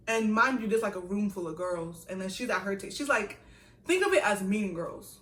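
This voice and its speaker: A young woman vlogger telling a story in a casual, animated way, with laughs and asides. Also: medium pitch, moderate pace. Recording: echoey room, a little far from the mic.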